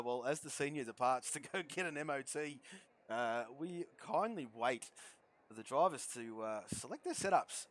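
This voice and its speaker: A man commentating a sim racing league, shouting with excitement at fast laps and laughing at his own jokes. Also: on the high side. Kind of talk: excitable esports race commentary.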